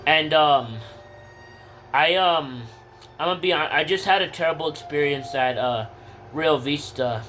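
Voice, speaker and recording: A man's voice: fairly high pitch, unhurried, long pauses, fairly bright tone, slight background noise. A teenage boy telling a personal story to camera in a casual vlog, rambling with lots of fillers and blunt swearing. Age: teens. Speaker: vlogger.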